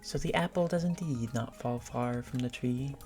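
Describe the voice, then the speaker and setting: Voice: mid-range voice, moderate pace, darkish tone, faint music behind. A gaming channel host giving casual let's-play commentary, rambling and thinking aloud with filler words.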